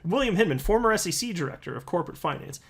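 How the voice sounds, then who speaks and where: A man's voice: sits high, animated, very fast, gravelly, fairly bright tone, breathy edge. A man hosting a crypto commentary talk, speaking bluntly and scornfully with frequent restarts. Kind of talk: casual commentary monologue.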